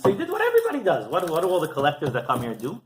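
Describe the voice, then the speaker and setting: A man's voice: a little high, very fast, noisy background. A rabbi giving a sermon as a story, chuckling often and checking in with his listeners. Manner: animated, chuckling, keeps asking "right?". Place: synagogue.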